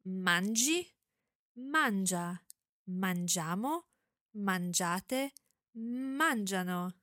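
A woman's voice: medium pitch, expressive, very slow, a bit bright, no echo, studio quality. A woman whose first language is Italian, co-hosting a language podcast and carefully modelling pronunciation.

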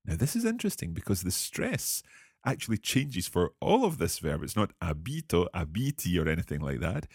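Deep-voiced man teaching a language lesson. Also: huge pitch swings, no room sound, clean studio sound. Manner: clear, measured teacher explaining grammar. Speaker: language podcast host.

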